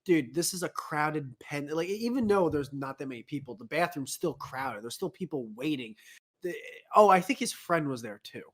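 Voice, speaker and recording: A man in his thirties, a podcast co-host telling stories in casual chat on a remote call, animated and laughing often. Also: on the high side, normal speed. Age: 30s. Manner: animated, acts out quoted voices, frequent laughter. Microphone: home mic on a remote call.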